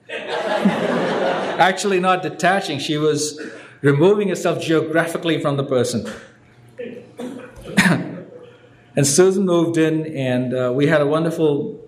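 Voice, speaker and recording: A man's voice: a little high, takes it slowly, long pauses. Indian-born man, wry self-mocking storyteller at a podium, echoey room recording. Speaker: recovery meeting speaker. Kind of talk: personal story told from a podium. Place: meeting hall with an audience.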